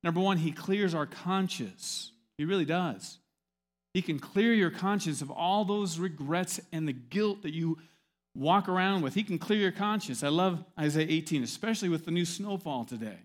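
A man's voice: on the high side, animated, moderate pace. A man preaching a sermon as pastor, emphatic and repetitive, weaving in stories.

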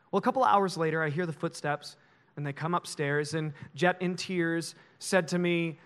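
High-voiced man preaching a sermon. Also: normal speed, smooth. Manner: animated storytelling. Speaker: pastor.

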